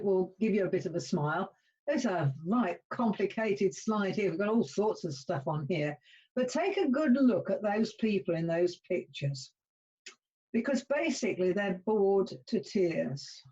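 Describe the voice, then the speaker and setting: A woman from the UK presenting a webinar on voice and speaking, with an animated, rising and falling delivery over a video call. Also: dull audio. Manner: lively, animated, talks up and down in pitch.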